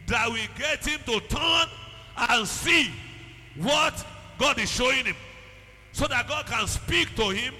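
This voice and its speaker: A man, a pastor, preaching a sermon that swings into shouted prayer and speaking in tongues. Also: extremely high pitch. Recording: music under a long hall reverb.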